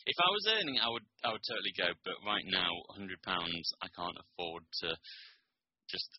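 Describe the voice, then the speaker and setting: A man on a casual podcast chat, ranting in an animated way. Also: low voice, normal speed, dry recording. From England. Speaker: podcast co-host. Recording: dull lo-fi sound.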